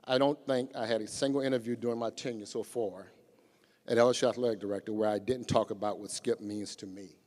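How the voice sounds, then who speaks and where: A man's voice: on the low side, steady tone, fast, darkish tone. Middle-aged male athletic director from Louisiana, earnest eulogy, arena reverb. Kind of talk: prepared memorial remarks. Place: large arena memorial service. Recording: long reverb in a big arena.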